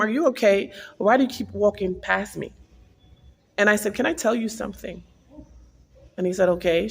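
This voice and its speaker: A woman's voice: mid-range voice, creaky, a bit bright, big-room sound, a little hiss or hum. A woman vlogger earnestly telling an emotional personal spiritual testimony.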